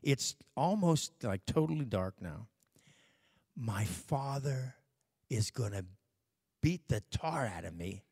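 A man preacher telling a personal story as a sermon testimony, in a folksy manner that swings from hushed to loud. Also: medium pitch, big pitch swings, takes it slowly, long pauses, husky, no room sound, clean studio sound. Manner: folksy, with fillers and self-corrections.

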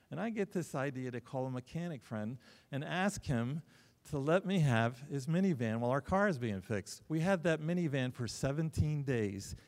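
A middle-aged man preaches in a church, his mid-pitched voice carried by a long hall reverb. He tells stories animatedly, breaking into loud bursts and quick joking asides. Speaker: pastor. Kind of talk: sermon. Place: church sanctuary.

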